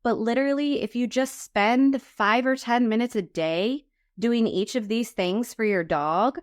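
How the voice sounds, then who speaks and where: A woman's voice: on the high side, unhurried. A woman hosting a podcast interview. She stresses her points firmly by repeating them. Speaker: podcast host. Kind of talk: conversational interview.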